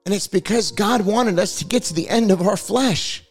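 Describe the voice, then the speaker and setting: A man's voice: sits high, normal speed, few pauses, faint music behind. A man hosting a Christian broadcast, preaching his commentary with passion and a repetitive cadence. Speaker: host of a Christian commentary show.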